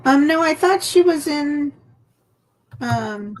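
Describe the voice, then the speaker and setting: A woman's voice: lively intonation, slow pace, poor audio. A woman hosting a casual craft live stream from home, chatty and friendly. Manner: chatty, breaks into high baby talk with her dog. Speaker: craft channel host.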